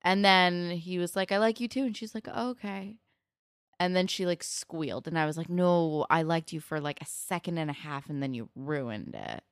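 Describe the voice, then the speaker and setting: A young woman talks through a TV episode in a loose, chatty way, dropping casual swears and mimicking characters. Her voice sits low and smooth. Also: moderate pace, few pauses, no room sound, clean studio sound. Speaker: podcast co-host. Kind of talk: casual TV recap chat.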